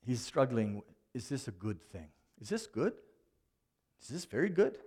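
A man preaching a sermon, animated, often dropping suddenly to a quiet voice for emphasis. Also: mid-range voice, a little slow, husky. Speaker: pastor.

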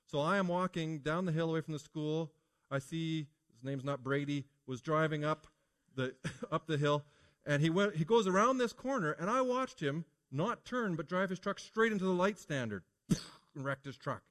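A man's voice: fairly high pitch, lively intonation, moderate pace, a bit bright. Man, preacher, middle-aged, light voice, chatty sermon, rhetorical questions. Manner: conversational storytelling with rhetorical questions.

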